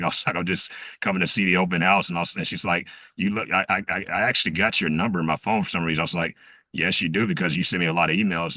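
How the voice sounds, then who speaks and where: A man's voice: sits low, sharp tone, no room sound. A man on a group video call, recounting his week in a rambling way, full of fillers and restarts. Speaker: team member sharing a reflection. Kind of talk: casual storytelling on a group call.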